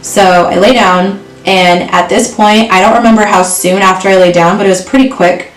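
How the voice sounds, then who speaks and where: A woman's voice: mid-range voice, fairly even intonation, moderate pace. A woman vlogger telling a personal story in a candid, earnest way. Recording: roomy echo from far off, faint music.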